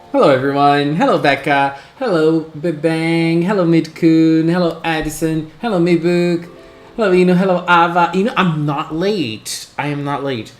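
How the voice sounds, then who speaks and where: Man, slightly high voice, excitable, chatty, live-stream host, echoey room. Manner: excitable, chatty, greets chat by name. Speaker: livestream host. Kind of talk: casual live-stream chat with viewers. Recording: roomy echo.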